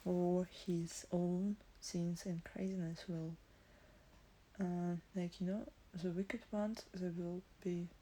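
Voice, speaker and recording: Soft, halting young woman streamer. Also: on the low side, flat delivery. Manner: halting, hesitant, searching for words. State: emotional, teary. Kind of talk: casual live stream talk.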